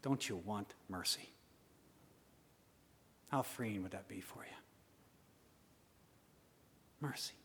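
A man preaching a sermon, swinging from loud urging to hushed asides. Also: on the low side, slow pace, pauses often, slight background noise. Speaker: pastor. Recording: long hall reverb.

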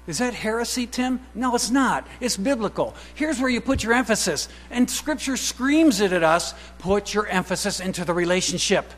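A man preaching a sermon who fires rhetorical questions at the congregation and swings between quiet asides and loud, emphatic declarations. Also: sits high, animated, normal speed, hardly any pauses. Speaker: pastor. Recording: reverberant hall with faint mains hum.

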